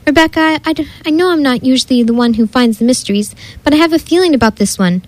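A woman's voice: sits high, fast, dry recording, natural voice. A woman reading a storybook, voicing an anxious, insistent young boy. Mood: urgent. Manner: urgent, insistent.

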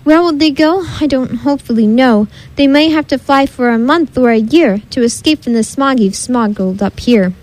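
A grumpy little male forest creature from a storybook, croaking out rebukes in a high, querulous voice, as a woman reads him. He sniffles and coughs between his scoldings. Cross and wheezy. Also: moderate pace, hardly any pauses, darkish tone, close to an everyday voice. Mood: sad. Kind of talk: storybook read-aloud.

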